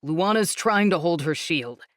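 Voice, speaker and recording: A woman's voice: fairly low pitch, lively intonation, unhurried, no echo, studio quality. A woman voicing an urgent, protective young man in an audiobook, explaining things in a hurry.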